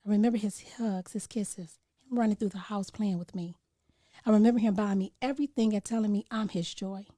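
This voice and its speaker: A woman's voice: mid-range voice, fairly quick, dark tone, dry recording, studio quality. A woman on a podcast reciting a spoken-word poem in an earnest voice that sinks at times into near whispers. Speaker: podcast guest.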